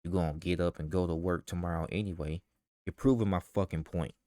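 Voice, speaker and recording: A man's voice: sits low, steady tone, fairly quick, mellow, no room sound. A man in a vlog ranting heatedly with profanity and rhetorical questions. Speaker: vlogger. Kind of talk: ranting commentary.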